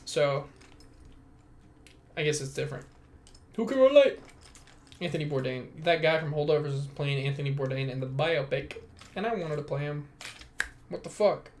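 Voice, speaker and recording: A man's voice: on the high side, fairly even intonation, moderate pace, pauses often. Rambling self-mocking young man. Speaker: podcast host. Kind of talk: casual solo podcast monologue.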